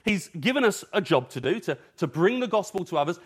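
A man's voice: sits high, very animated, a little fast, breathy edge. A man from England preaching an evening sermon in an earnest, urgent way, using rhetorical questions.

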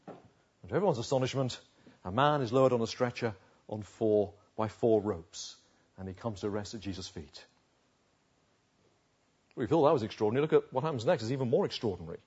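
A man's voice: mid-range voice, quick pace, long pauses, a little mellow, slightly rough, dull audio. A man preaching a sermon on a Bible passage, retelling it vividly and asking the listeners rhetorical questions.

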